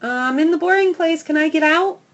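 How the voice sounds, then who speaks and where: A woman voicing an eager, loyal young dog in an audiobook, with high, loud, yappy outbursts. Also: normal speed, muffled recording. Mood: excited. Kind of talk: audiobook character voice.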